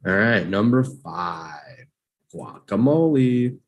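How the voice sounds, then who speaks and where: Slow, lively man teaching vocabulary. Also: on the low side. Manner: slow and animated, drills words with repeat-after-me prompts. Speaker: English teacher. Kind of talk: live online vocabulary lesson.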